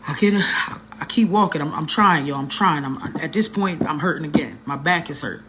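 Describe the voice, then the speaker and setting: A woman's voice: deep voice, a little fast, sharp tone, a little hiss or hum. A woman telling a personal story in a casual, slangy vlog, talking straight to her viewers with an earnest, emotional edge. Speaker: vlogger.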